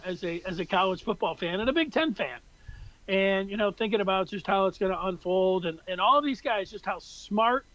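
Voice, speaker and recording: A high-pitched man co-hosts a casual sports podcast and rambles on in an exasperated tone. His voice is recorded dry and close, with a slightly dull, muffled sound. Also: fairly bright tone, dry recording. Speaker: podcast co-host.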